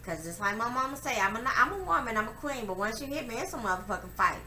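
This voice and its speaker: Young woman, profane, emphatic storytelling, bright forceful voice, echoey room, faint background noise. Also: on the high side, expressive, fast talker. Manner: profane, emphatic, acts out quotes loudly. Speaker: vlogger telling a personal story. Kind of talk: candid storytelling monologue.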